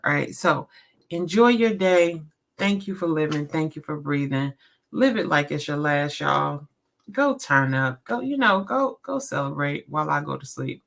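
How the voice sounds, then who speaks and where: A woman's voice: low voice, creaky. A middle-aged woman hosting a casual livestream, upbeat and repetitive, talking straight to her viewers. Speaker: host, business coach.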